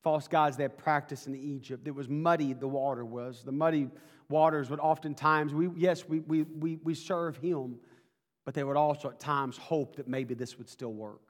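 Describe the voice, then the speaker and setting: A man's voice: a little high, fairly even intonation, moderate pace, big-room sound. A man preaching a sermon as pastor, folksy and conversational at first, then rising into fervent preaching.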